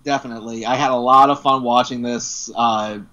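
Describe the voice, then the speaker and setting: A man from New York, co-hosting a casual chat and telling stories in an animated way, laughing often. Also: medium pitch, fairly quick. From New York, USA. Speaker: co-host. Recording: dull lo-fi sound.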